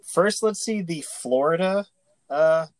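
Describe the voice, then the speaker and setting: A man's voice: on the high side, slow pace, dry recording. Casual male podcast host, dry close mic. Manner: loose, joking, steers the talk.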